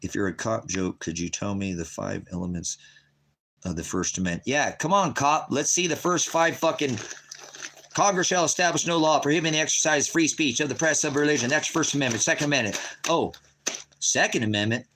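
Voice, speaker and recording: A man's voice: medium pitch, brisk, sharp tone, a little hiss or hum. A man on a livestream at home, ranting in a profane, taunting way at people in his chat. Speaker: livestream host. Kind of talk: angry livestream rant. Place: at home by a wood stove.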